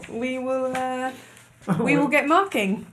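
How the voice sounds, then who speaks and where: A woman's voice: sits high, very slow, a bit bright. A woman co-hosting a casual quiz night stream, playful and teasing. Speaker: quiz co-host. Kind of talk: casual live-stream chat.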